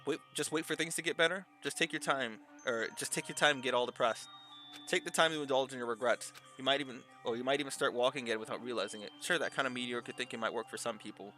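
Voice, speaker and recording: A man doing a gruff, condescending tough guy. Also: mid-range voice, quick pace, bright, forceful tone, soft background music, close to an everyday voice. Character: tough male gang leader giving a pep talk.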